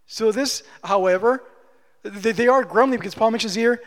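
A man's voice: high voice, normal speed. A man preaching a conversational sermon as pastor, emphatic and repeating phrases for stress. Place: church. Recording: long church-hall reverb.

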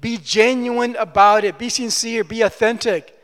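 A man with a strikingly high voice preaches a conversational sermon to his church. He talks emphatically and repeats key phrases to drive them home. His voice rings with the long reverb of a large hall. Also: steady tone, measured pace, creaky, fairly bright tone. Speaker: pastor.

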